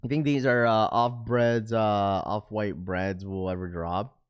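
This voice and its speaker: A man's voice: lowish voice, fairly even intonation, a little slow, clear, resonant tone. Young male streamer, loose and rambling, talking straight to his chat. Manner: rambling, talks to chat, reads comments aloud. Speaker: livestream host. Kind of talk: casual livestream chat with viewers.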